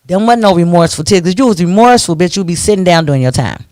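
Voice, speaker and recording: A man's voice: high voice, fast, no echo, clean studio sound. Ranting man hosting talk radio. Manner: animated, preachy ranting. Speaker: radio talk show host.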